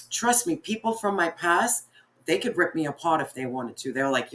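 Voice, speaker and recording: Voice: medium pitch, expressive, normal speed, fairly bright tone. A tarot reader giving a spiritual reading in an earnest, encouraging way, speaking straight to the viewer and often repeating phrases for emphasis.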